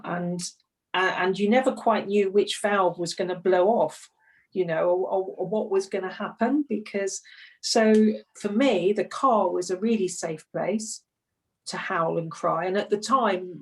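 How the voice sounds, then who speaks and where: A woman who runs a grief support group, speaking gently and reflectively in an online group discussion. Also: fairly low pitch. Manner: gentle, reflective, laughs softly between thoughts. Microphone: video call. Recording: distant video call mic.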